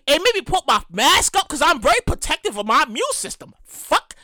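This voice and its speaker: Man, podcast host, casual rant, very expressive swings in pitch, dry close sound. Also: fast, no room sound. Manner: animated, profane, repeats himself, shouts in acted reactions. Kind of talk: casual solo podcast monologue.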